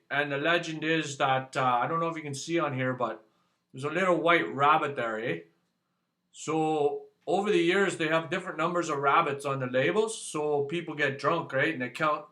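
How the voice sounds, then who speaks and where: A man with a Canadian accent and a fairly high, sharp-toned voice reviews a beer for his channel. Talking casually to camera, he rambles, cracks jokes, and tags his sentences with "eh."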